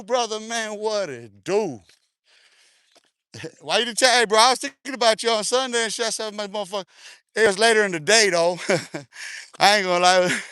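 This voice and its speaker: A middle-aged man chatting on a livestream while he walks outdoors in a park, reading comments aloud into his phone. His voice sits high and sounds bright and smooth, with a dry, close sound. He talks loudly, laughs a lot and uses profane street slang. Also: dry recording. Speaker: livestream host.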